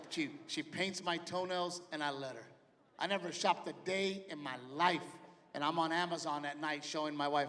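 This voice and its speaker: A middle-aged man doing a stand-up comedy routine, animated storytelling that acts out his family members. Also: on the high side. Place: large theater with live audience. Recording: live venue reverb, audience noise.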